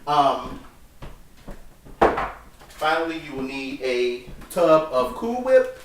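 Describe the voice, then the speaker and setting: Here the home-kitchen cooking host, slightly high-voiced, moves slowly with big swings in pitch, and the recording is very noisy. He's sassy, profane and campy, heard through a far-off mic in a room with lots of echo.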